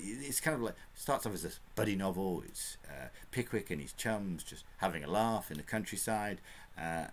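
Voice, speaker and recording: Deep-voiced man reviewing a book. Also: slight background noise. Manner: rambling, chatty, with frequent fillers and chuckles.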